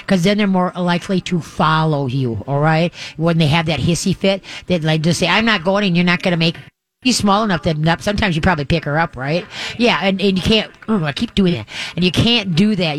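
A man hosting a live call-in radio show from a remote event, giving dog training advice in a rambling, folksy way with many restarts. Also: high voice.

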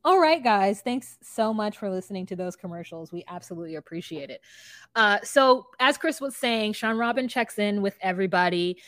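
A woman's voice: medium pitch, animated, normal speed, fairly bright tone, no room sound. Dry-sounding gossipy woman podcaster. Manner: gossipy, lots of "like" and "um", puts on voices while quoting. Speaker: podcast co-host. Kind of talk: casual recap chat.

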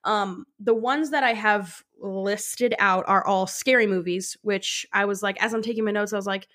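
A woman's voice: mid-range voice, fairly even intonation, moderate pace, a bit bright. Chatty young woman co-hosting a podcast. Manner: chatty, laughs often, many fillers. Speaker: podcast co-host. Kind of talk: casual chat.

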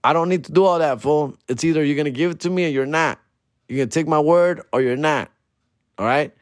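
A man's voice: fairly high pitch, brisk, no room sound, studio quality. Laid-back, slangy man podcasting. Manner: laid-back, profane, slangy street talk. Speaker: stand-up comedian and podcast host. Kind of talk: casual solo podcast chat.

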